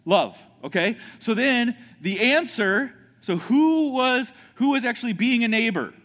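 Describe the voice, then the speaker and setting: A man's voice: extremely high pitch, expressive, unhurried, a bit bright. A man preaching a sermon as a pastor, conversational, with frequent restarts and questions to the congregation. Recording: reverberant hall.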